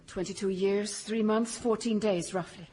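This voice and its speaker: An actress playing a melodramatic Swedish former sweetheart in a radio comedy, rambling and breathy. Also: female voice, mid-range voice, steady tone, moderate pace, noisy background, natural voice. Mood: wistful. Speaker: lead character in radio sitcom.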